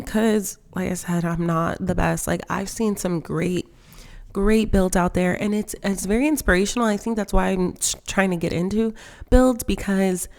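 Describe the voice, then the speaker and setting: A woman's voice: mid-range voice, creaky, darkish tone. A woman in her twenties talking casually over game footage, self-conscious and filler-heavy, a little emotional. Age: 20s. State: emotional, near tears. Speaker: Sims gaming vlogger.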